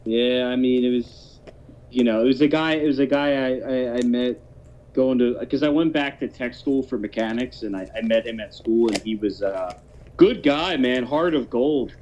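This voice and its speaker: A man's voice: medium pitch, moderate pace, a little mellow, slight background noise. A man in his thirties telling a long story in casual chat, rambling and swearing, with many restarts. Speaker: podcast host telling a story. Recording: dull lo-fi podcast audio.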